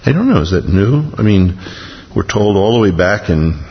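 Low-voiced guy preaching a sermon, animated storyteller, long hall echo. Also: moderate pace. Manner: animated storytelling, often rises then drops low and soft. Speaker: pastor. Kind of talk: expository sermon. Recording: reverberant hall, dull lo-fi sound.

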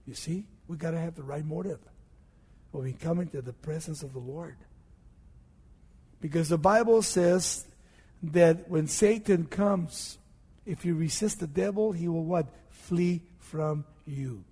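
A male preacher giving a sermon, swinging from hushed low passages to loud emphatic peaks and asking and answering his own questions. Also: unhurried, breathy edge. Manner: asks and answers rhetorical questions. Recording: long hall reverb.

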